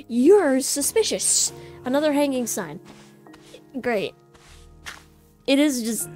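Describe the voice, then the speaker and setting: A woman's voice: mid-range voice, a little mellow. A woman hosting a gaming channel, giving casual commentary as she plays and chatting playfully to the game. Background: faint game music.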